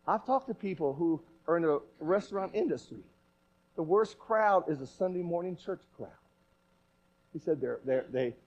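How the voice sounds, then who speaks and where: A man with a fairly high voice preaches a sermon in a church. He swings between quiet, low asides and forceful, emphatic rhetorical questions. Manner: animated, emphatic, repetitive questions.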